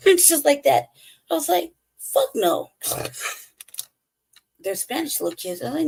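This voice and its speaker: A woman's voice: high voice, big pitch swings, moderate pace, creaky, pauses often, a little mellow, slight background noise, low-quality recording. A woman in her forties telling stories in a blunt, profane, casual rant, laughing often as she goes. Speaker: podcast co-host.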